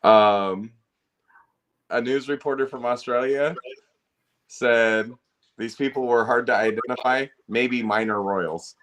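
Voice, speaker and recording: A man's voice: medium pitch, slow pace, long pauses, a bit bright. A man co-hosting a casual political podcast, cracking jokes and laughing at his own quips. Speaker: podcast co-host.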